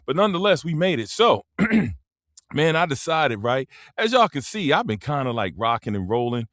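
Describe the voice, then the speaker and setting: A man hosting a casual live stream, talking in a laid-back, rambling way into a simple microphone, often clearing his throat. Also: mid-range voice, sing-song, moderate pace, fairly bright tone, dry recording, studio quality.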